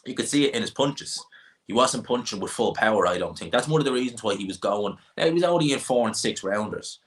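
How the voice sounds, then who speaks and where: A fast-talking young boxing channel host from Ireland has a fairly low voice with lively intonation. He answers chat questions on stream in a casual, rambling manner, repeating himself.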